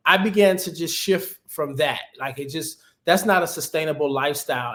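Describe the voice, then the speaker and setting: A man speaking casually as a guest in a webinar interview, giving animated, conversational career advice over a video call. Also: fairly high pitch. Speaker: guest, TV executive producer.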